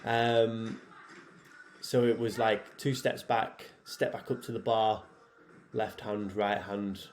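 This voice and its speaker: A man, head programmer and athlete, talking casually over his own workout footage in a relaxed, chatty way with many fillers. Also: fairly low pitch, slow, a little hiss or hum.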